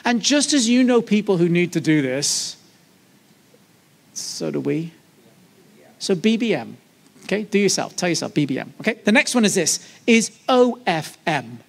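A man's voice: high voice, moderate pace, vocal fry, pauses often. Guy giving a sermon at church, chatty and jokey, keeps asking the congregation stuff. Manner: lively, joking, conversational preaching with frequent asides to the congregation. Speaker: guest preacher. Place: church service.

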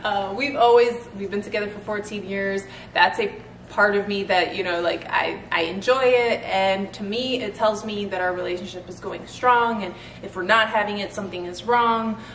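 A woman's voice: mid-range voice, moderate pace, a bit bright, distant mic. A woman in her thirties chatting casually in a vlog, laughing often as she talks. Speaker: fitness vlogger. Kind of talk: casual chat. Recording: roomy sound from off-mic, faint noise.

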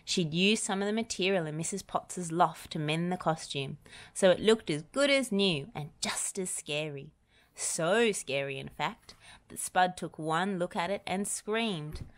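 A woman reading a children's picture book aloud, gentle and even, in a slightly low voice. The recording is dry and close, with no room sound. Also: a little slow, no room sound. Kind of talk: storybook read-aloud narration.

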